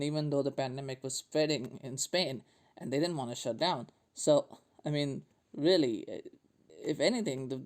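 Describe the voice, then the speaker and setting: A man's voice: mid-range voice, darkish tone. A man hosting a comedic podcast, delivering a sarcastic, jokey monologue. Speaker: podcast host.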